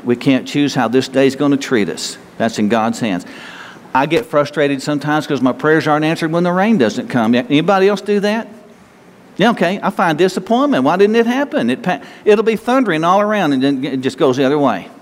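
A man's voice: a little high, in a large hall, a little hiss or hum. A man preaching a sermon as pastor, folksy and conversational, often stammering and restarting.

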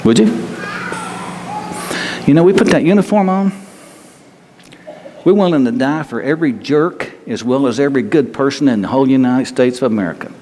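Halting conversational male preacher. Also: medium pitch, warm tone, big-room sound, slight background noise. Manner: conversational, halting with repeated restarts. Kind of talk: sermon.

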